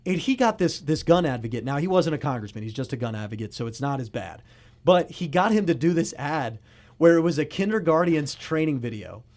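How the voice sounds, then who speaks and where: College-age podcast host, man, lively storyteller with a slightly high voice. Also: brisk. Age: early 20s. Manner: animated, laughing storyteller. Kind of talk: casual podcast chat.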